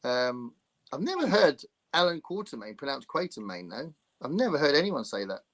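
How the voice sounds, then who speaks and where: This co-host has a medium-pitched, somewhat bright voice that swings widely in pitch, at a moderate pace. On a laid-back livestream chat he cracks jokes, reads viewer comments out loud, and does playful impressions.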